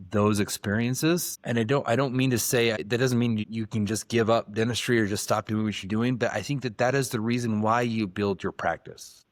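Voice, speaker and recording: A middle-aged man with a lowish voice tells a story on a podcast, warm and sincere, often restarting his sentences. The recording is close and dry. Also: dry recording. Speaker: dentist and podcast co-host. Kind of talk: reflective podcast conversation.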